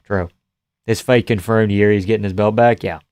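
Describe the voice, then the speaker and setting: A man streaming live fight reactions, chatting casually and swearing as he answers chat, breaking into loud yells at the big moments. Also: on the low side, steady tone, moderate pace, smooth, dry recording, studio quality.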